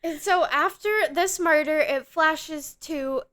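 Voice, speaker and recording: A woman co-hosting a casual film review podcast, summarizing the plot in a plain, steady way. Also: sits high, takes it slowly. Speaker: podcast co-host.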